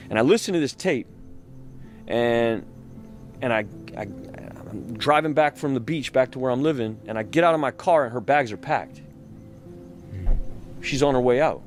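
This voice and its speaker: Profane, rambling male storyteller. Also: mid-range voice. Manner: loose and profane, with frequent restarts. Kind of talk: casual spoken storytelling.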